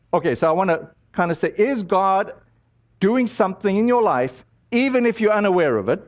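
Pastor, male, higher voice, chatty sermon delivery full of "uh"s, muffled lo-fi church recording. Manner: conversational storytelling with many fillers.

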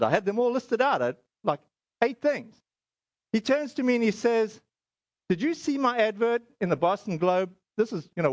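A man's voice: high-pitched, dry recording, lo-fi sound. A middle-aged man from South Africa giving a spoken testimony sermon, telling his story with many fillers and acted-out dialogue. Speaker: speaker.

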